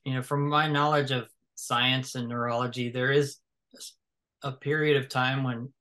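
A man's voice: medium pitch, sharp tone. A man talks in an easygoing conversation. He thinks aloud as he goes, full of fillers, restarts and loose asides. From American South. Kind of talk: casual conversation.

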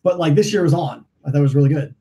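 A man's voice: fairly high pitch, very fast, warm tone. A man co-hosting a beer podcast who shares blunt opinions in casual chat. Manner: opinionated, critical beer talk. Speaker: podcast co-host.

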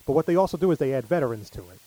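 A man's voice: on the high side, lively intonation, racing, warm tone, no room sound, low-quality recording. A middle-aged man telling stories in casual chat, full of fillers. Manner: rambling storyteller, many fillers.

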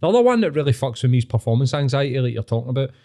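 A man's voice: medium pitch, big pitch swings, racing, dark tone. A Scottish man hosting a podcast, chatting casually and earnestly with plenty of swearing. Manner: swears freely, matey and earnest. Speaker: podcast host.

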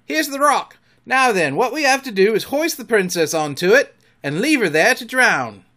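A man voicing a bumbling Irish pirate bosun, loud and blustering. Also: very high voice, animated, moderate pace, pitched above the performer's own voice, heavily acted. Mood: bossy.

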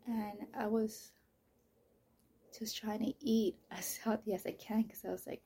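A woman hosting her own podcast, telling a personal story in a casual, rambling, profane way, full of "you know" and "like", often dropping into soft, breathy near-whispers. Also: mid-range voice, level tone, unhurried, slight background noise. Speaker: podcast host.

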